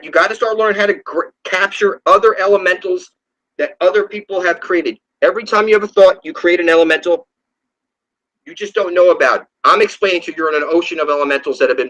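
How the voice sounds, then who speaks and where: A man with a noticeably high voice talks straight to his viewers in a rambling, insistent monologue. He swears freely and hammers his points home, and his pitch leaps up whenever he gets heated. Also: bright, forceful tone, poor audio. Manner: ranting, profane and insistent, with sudden pitch jumps. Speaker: channel host.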